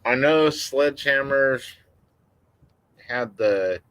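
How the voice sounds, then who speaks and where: Guest, male, mid-pitched, slow and laid-back, plain technical talk. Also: fairly bright tone, smooth, no room sound. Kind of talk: casual chat on a live stream.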